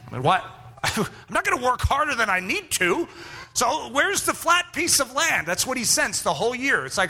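A man telling a personal story in a sermon, animated and acting out both sides of remembered conversations. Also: very high-pitched, moderate pace, vocal fry, slightly rough.

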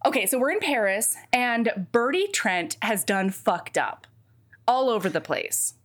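A woman's voice: a little high, expressive, measured pace, fairly bright tone. A young woman co-hosting a podcast, chatting casually, laughing and swearing often. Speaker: podcast co-host. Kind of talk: casual chat.

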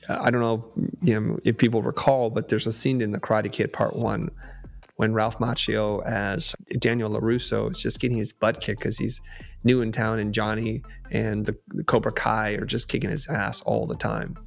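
A man talking as a podcast guest and coach, telling stories in an animated, emphatic way. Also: on the low side, moderate pace, creaky, faint music behind. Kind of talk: storytelling in conversation.

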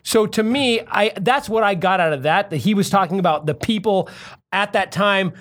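A man with a markedly high voice co-hosting a podcast. He rambles in casual chat and swears constantly. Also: moderate pace, fairly bright tone. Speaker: podcast co-host.

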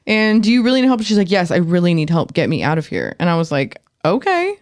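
A woman's voice: on the low side, fast talker. A woman co-hosting a podcast in casual chat, telling a story with lots of swearing while speaking around new braces. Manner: animated storyteller, swears freely. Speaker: podcast co-host.

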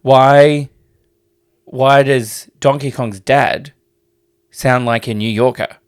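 A man's voice: medium pitch, steady tone, takes it slowly, smooth. A man co-hosting a podcast in casual chat, rambling and hesitant, swearing freely. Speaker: podcast co-host.

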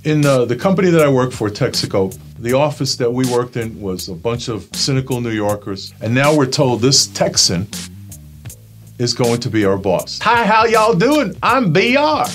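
A man's voice: mid-range voice, moderate pace, soft background music. New man telling his story. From Brooklyn, New York. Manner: storytelling, acts out quoted voices. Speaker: guest giving a testimony. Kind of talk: personal testimony.

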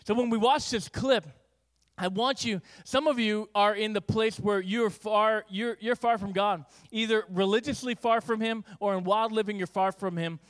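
A man's voice: sits high, normal speed. A man preaching a sermon as pastor, telling stories with acted-out dialogue. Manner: animated storytelling with acted-out dialogue.

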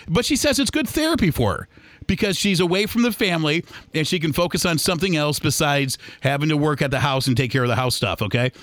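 A man's voice: sits high, a bit bright, no room sound. A man hosting a solo podcast, rambling casually about everyday errands and acting out other people's voices. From Michigan, US. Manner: chatty and rambling, acts out shoppers' voices. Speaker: podcast host.

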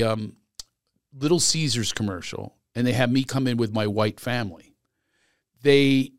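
A middle-aged man hosting a casual interview, joking and chatty and quick to laugh. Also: mid-range voice, dry recording, clean studio sound. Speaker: podcast host.

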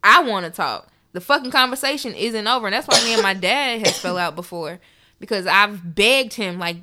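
A young woman co-hosting a podcast, telling stories in a profane, animated, casual way. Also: mid-range voice, moderate pace, slight background noise. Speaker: podcast co-host. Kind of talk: casual chat.

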